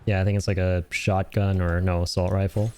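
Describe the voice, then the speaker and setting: A young man casually commenting on his own gameplay as a streamer, relaxed and chatty, and laughing often. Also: low voice, brisk, slight background noise.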